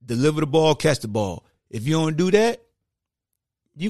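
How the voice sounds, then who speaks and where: A man hosting a podcast, breaking down football technique in a casual, animated, slangy coaching manner. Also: fairly high pitch, normal speed, no echo, studio quality. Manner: slangy, conversational. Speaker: podcast host.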